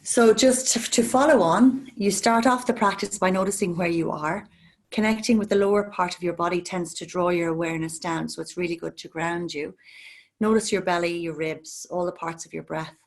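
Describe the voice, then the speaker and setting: A woman guides a mindfulness practice over a video call in a calm, gentle voice. She slows down and softens as she leads the listener through their breathing, then explains the practice in a plain, steady way. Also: on the low side. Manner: calm, gentle, slow guiding voice. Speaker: mindfulness instructor. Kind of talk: guided meditation. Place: home, online talk.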